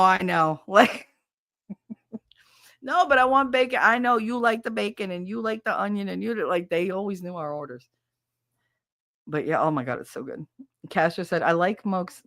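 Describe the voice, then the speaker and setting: A middle-aged New woman hosts a loose, chatty show, laughing a lot and cursing without a second thought. Her voice sits on the low side, recorded dry and close with no room sound. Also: dry recording. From North Jersey. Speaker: podcast host. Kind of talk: casual chat reading live comments.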